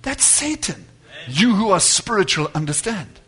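A man preaching to his congregation in a high, bright voice. He drives his points home with loud declarations, then drops into quiet asides. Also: sing-song, measured pace. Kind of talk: sermon.

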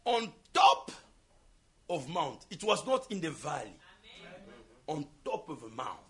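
High-pitched South African preacher, shouting. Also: male voice, big pitch swings, slow pace. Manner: call-and-response preaching, building to shouts. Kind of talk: sermon.

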